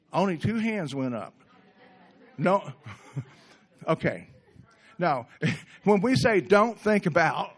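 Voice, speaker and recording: Man speaking at a recovery workshop, gentle, reflective, middle-aged, a bit high-voiced, conversational.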